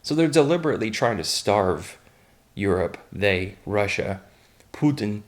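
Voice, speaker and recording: A man's voice: lowish voice, expressive, unhurried. A young American man hosting a daily online news roundup, reading headlines in a casual way and breaking in with blunt, offhand comments, fillers and restarts. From United States. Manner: reads headlines then adds blunt, offhand asides with frequent fillers and restarts.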